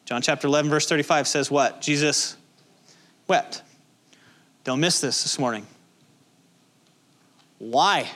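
Male pastor, sermon, high voice, casual emphatic delivery, lots of rhetorical questions. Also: a little slow, long pauses, a bit bright.

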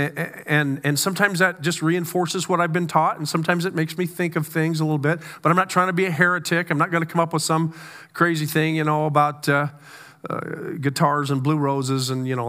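A man preaching a conversational sermon, with stammered restarts and slow, weighty emphasis on key words. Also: a little high, sharp tone. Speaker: pastor.

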